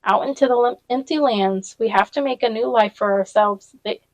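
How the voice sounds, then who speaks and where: A woman's voice: on the high side, moderate pace, no echo, natural voice, poor audio. A woman reading aloud voices a stern young man, firm and insistent.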